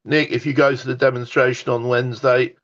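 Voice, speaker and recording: A man's voice: medium pitch, little pitch movement, brisk, a bit bright. Polite man on a dull remote line. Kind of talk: casual conversation.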